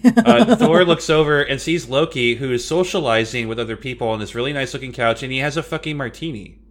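A man's voice: medium pitch, lively intonation, quick pace. A man co-hosting a podcast, casually retelling movie scenes and laughing along. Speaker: podcast co-host. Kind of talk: casual movie recap chat.

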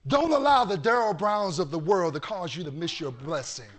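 A male pastor preaching a sermon with animated storytelling that bursts into shouting. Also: high-pitched, moderate pace.

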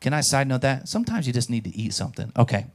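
A pastor preaching a sermon, telling stories with animation and speaking directly to the congregation. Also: male voice, medium pitch, quick pace. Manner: animated storytelling, acts out quotes. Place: church.

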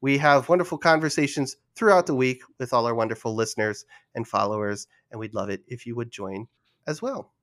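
A man's voice: mid-range voice, fairly quick, a bit bright. A young man hosting a casual gaming podcast, nervous and laughing often at himself. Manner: nervous, laughing, self-deprecating. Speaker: podcast host.

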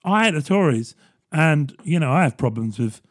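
A man's voice: a little high, lively intonation, moderate pace. A young man, ranting casually and sarcastically, swearing and mocking people in put-on voices. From England.

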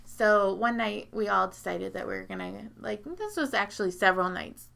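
A woman in casual chat, telling a long story full of fillers and swearing and jumping into high, loud voices when she quotes people. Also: moderate pace, gravelly, a crowd in the background. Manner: rambling, profane, heavy filler words.

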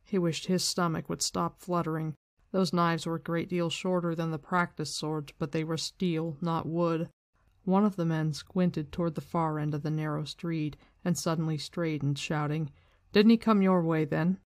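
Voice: mid-range voice, little pitch movement, moderate pace, no room sound, clean studio sound. A book-discussion host retelling a story in a loose, slangy way with some swearing, switching into reading passages aloud.

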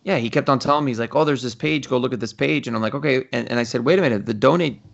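A casual podcast host talks at a racing pace in a creaky mid-range voice, with the highs cut off. He swears freely and acts out the exchanges he retells.

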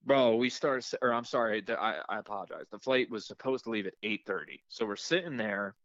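A man co-hosting a casual podcast chat tells his story with animated energy, swearing freely and slipping into the voices of the people in it. His voice is bright and forceful, recorded close and dry with a slightly dull, lo-fi tone. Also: fairly low pitch, a little fast, no room sound. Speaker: podcast co-host.

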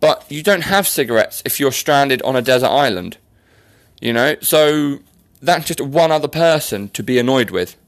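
A man's voice: medium pitch, expressive, normal speed, no room sound. A young man hosting a podcast in casual chat, joking and teasing his guest, often poking fun at himself. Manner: joking, self-mocking, teasing. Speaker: podcast host.

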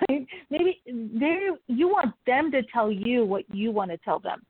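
A woman's voice: on the high side, sing-song, measured pace, few pauses, no echo. Woman giving coaching advice over a tinny line. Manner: warm advice-giving, laughs often, acts out sample questions. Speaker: guest coach. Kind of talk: interview conversation. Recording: tinny phone-like call audio, dry.

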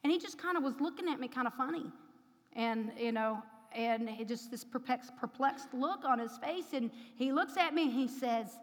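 A woman preacher telling a personal testimony in a sermon, rising to loud, emphatic preaching. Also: high voice, moderate pace. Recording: long hall reverb.

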